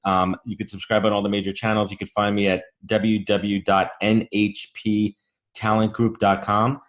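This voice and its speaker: A man's voice: fairly low pitch, little pitch movement, moderate pace. A man, a podcast guest telling brash, swearing stories in a casual interview. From New York.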